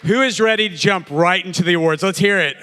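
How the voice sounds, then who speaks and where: A man hosting a live awards ceremony, loud and jokey with the crowd, then turning emotional as he thanks people. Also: high voice, fast talker, long reverb tail, a little hiss or hum. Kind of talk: live emcee remarks to an audience.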